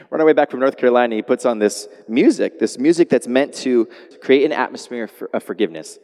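A man preaching a sermon as a pastor, animated, moving between quiet lines and loud exclamations. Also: mid-range voice, a little fast. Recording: long hall reverb.

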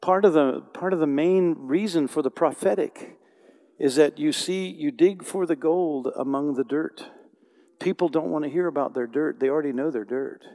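Male pastor, passionate sermon delivery, hushed-to-loud swings, church reverb. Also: a little high, normal speed. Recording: long hall reverb.

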